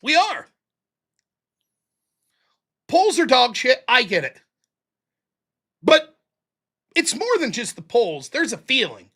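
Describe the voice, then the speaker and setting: An American man hosting a political livestream, ranting in an exasperated, profane, animated way. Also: extremely high pitch, slow, pauses often. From United States. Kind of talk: ranting commentary.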